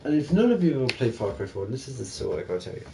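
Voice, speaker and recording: A young man chatting casually and profanely about video games, rambling and animated. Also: mid-range voice, rapid-fire, vocal fry, noisy background. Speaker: gaming channel streamer.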